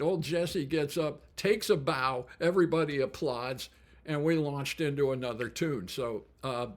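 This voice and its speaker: Folksy older man telling stories. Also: a little high. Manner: folksy, chuckles often while telling. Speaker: musician and storyteller. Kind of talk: casual spoken storytelling.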